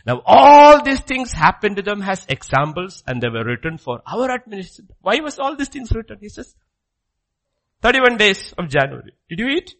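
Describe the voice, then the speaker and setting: Man, preacher, sermon, very animated pitch, bright forceful tone, loud bursts and hushed asides, acts out dialogues. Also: gravelly. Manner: dramatic swings between loud exclamations and hushed low asides; acts out dialogue with rapid questions and answers.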